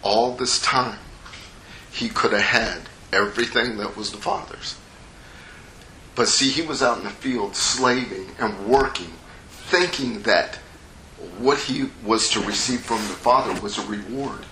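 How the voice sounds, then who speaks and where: Middle-aged male preacher, folksy, acts out the story, bright tone, roomy echo. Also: on the low side, unhurried, slight background noise. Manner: folksy, conversational, acts out the parable's characters. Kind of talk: sermon. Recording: echoey room with faint ambience.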